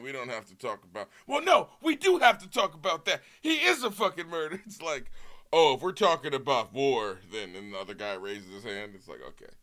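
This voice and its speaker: A man's voice: medium pitch, very animated, fairly quick, a bit bright. A man streaming live, reacting to footage with profane, joking commentary and frequent laughter.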